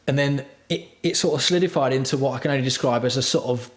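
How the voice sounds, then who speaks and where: Crude, rambling male streamer, mid-pitched, echoey room. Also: fast talker, hardly any pauses. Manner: profane, crude, self-mocking storytelling. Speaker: livestream host. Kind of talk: rambling casual livestream chat. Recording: roomy home room.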